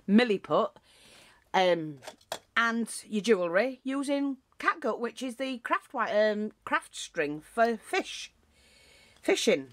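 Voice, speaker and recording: A woman's voice: a little high, fairly bright tone. A woman giving a casual, rambling craft tutorial, full of asides and restarts.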